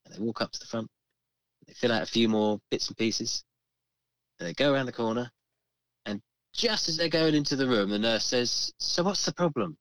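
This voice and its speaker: A man co-hosting a podcast, telling a story in a casual, animated way and acting out the voices of the people in it. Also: mid-range voice, moderate pace, long pauses, no echo, poor audio. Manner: animated, swearing, acts out the voices in his story. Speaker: podcast co-host.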